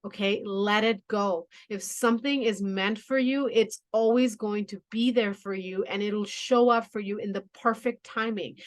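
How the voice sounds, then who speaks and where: A woman giving a spiritual tarot reading in a calm, reassuring tone. Her voice sits at an ordinary middle pitch, and she keeps checking in with the listener through gentle asides. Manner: soothing, reassuring, frequent "you know" and "okay". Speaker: tarot reader.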